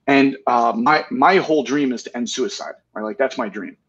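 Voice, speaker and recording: A man's voice: medium pitch, moderate pace, fairly bright tone, slightly rough, muffled recording. A man in his forties as an interview guest, speaking earnestly in candid talk and often tagging his points with "right?". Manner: earnest, tag questions with "right?".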